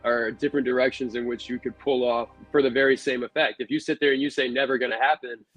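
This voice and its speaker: A man with a slightly husky voice talks through his advice in a measured, blunt way, pitched around the middle for a man. Faint music sits under the livestream chat. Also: steady tone, fairly bright tone, poor audio. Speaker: haunt actor and actor manager.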